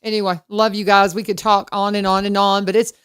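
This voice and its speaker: A woman's voice: medium pitch, level tone, fairly quick, clean tone, no room sound, clean studio sound. A woman hosting a radio talk show, signing off with affection and cheerful promos. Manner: warm, affectionate sign-off, upbeat promos. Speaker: radio host.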